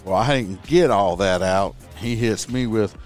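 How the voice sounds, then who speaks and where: A man's voice: on the low side, unhurried, faint music behind. A middle-aged man, a former police officer, telling a profane story on a podcast in casual chat and acting out both sides of the argument. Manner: profane, animated, acts out both sides of the exchange.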